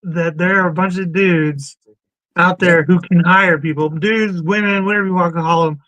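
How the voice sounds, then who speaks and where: A man's voice: high voice, steady tone, normal speed, a bit bright, no room sound, low-quality recording. A man co-hosting a podcast, blunt and wisecracking in casual banter. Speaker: podcast co-host.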